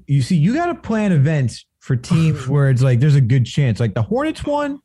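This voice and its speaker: A young man co-hosting a casual sports podcast, teasing and animated, filling his talk with 'like'. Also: on the high side, normal speed, husky. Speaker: podcast co-host.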